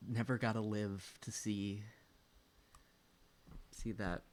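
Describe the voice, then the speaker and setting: A man's voice: lowish voice, level tone, slow pace, a little hiss or hum. A young man chatting casually while streaming a farming game at home, rambling, swearing often and laughing between thoughts. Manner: talks to a pet and chat while playing. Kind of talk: casual gaming chat.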